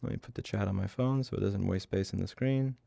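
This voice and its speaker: A man's voice: lowish voice, quick pace, gravelly, warm tone, dry recording. A middle-aged man livestreaming himself coding, in casual, blunt, profane talk, muttering to himself as he works. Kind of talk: casual livestream chat while programming.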